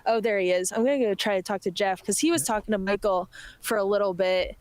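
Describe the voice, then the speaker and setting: A woman's voice: medium pitch, quick pace, a little mellow, no room sound. A woman reporting live from an ultramarathon course, upbeat and laughing easily as she interviews crew.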